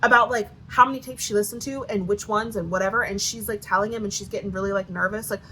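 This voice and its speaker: Bright-voiced woman ranting sarcastically. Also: mid-range voice, fairly even intonation, fast, slight background noise, poor audio. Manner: profane, sarcastic, heavy filler use. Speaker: book reviewer. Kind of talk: casual rant review.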